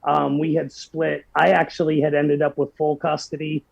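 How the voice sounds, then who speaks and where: A man in his forties telling his own story as a podcast guest, earnest and heartfelt, with a gravelly voice. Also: a little high, monotone, moderate pace, no echo, highs cut off. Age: 40s. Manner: earnest, heartfelt, many restarts. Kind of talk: personal storytelling.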